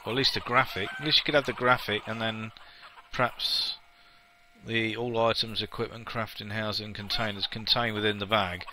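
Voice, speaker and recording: A man talks through a game he's playing, voice very bright and sharp-edged. He rambles casually, trades playful asides and gives his opinions freely, with a faint hiss of noise under him. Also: lowish voice, steady tone, moderate pace, low-quality recording. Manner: chatty and opinionated, with frequent laughs and playful asides. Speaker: let's play gamer. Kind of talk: casual gameplay commentary.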